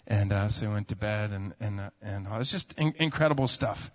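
A man's voice: fairly low pitch, a little fast, hardly any pauses. A pastor in his thirties giving a sermon in a church sanctuary, telling family stories in a casual, rambling way full of fillers. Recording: muffled sound with long hall reverb.

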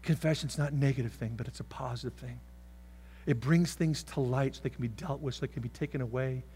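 A man preaching a sermon as pastor, swinging from loud shouts to soft whispers and acting out voices. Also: mid-range voice, fast talker, a little hiss or hum.

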